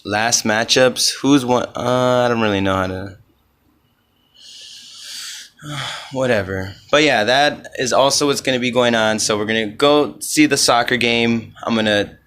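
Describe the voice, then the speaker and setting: A man's voice: medium pitch, a little slow, fairly bright tone, smooth. A man hosting a solo comedy podcast, rambling in an offhand way and swearing often.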